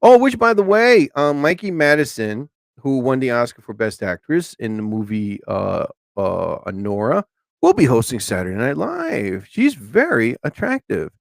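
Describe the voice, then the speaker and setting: A man hosting a casual live stream, rambling excitably and swearing casually as he chats. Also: mid-range voice, normal speed, gravelly, no echo.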